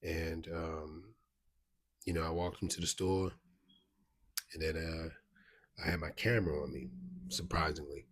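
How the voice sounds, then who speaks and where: Man, low husky voice, monotone, rambling storytelling. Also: unhurried, long pauses, a little hiss or hum. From Baltimore, USA. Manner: rambling, restarts, frequent "you know what I mean". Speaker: vlogger. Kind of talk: casual storytelling to camera.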